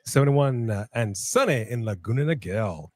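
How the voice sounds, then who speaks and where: A man's voice: mid-range voice, lively intonation, moderate pace, no echo, clean studio sound. Laid-back man hosting a live chat. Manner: loose, joking, reads out viewer comments and shout-outs. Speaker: co-host of a live wrestling watch-along stream. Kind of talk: casual live-stream chat.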